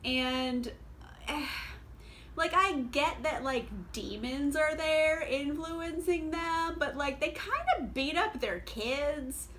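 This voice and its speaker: In a casual book vlog, a young woman chats about her reading with a sarcastic streak, her high voice bright and lively. Fillers crowd her sentences and she breaks into quick laughs. There's slight background noise.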